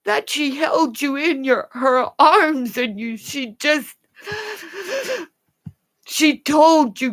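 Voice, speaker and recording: A woman ranting in a rambling, profane livestream, swinging between low growling threats and high shouting. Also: extremely slow, long pauses.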